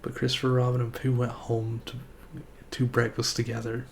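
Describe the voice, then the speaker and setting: A man streamer reading a children's storybook aloud in a relaxed, folksy way. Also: medium pitch, moderate pace, vocal fry, slight background noise.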